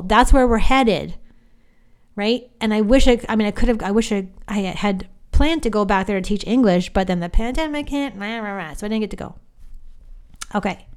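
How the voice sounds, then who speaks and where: A woman with a smooth, resonant voice at a middle pitch gives a casual spiritual monologue as a podcast host. She talks straight to her listeners, chatty and emphatic, repeating phrases for weight and checking in with a quick "right?".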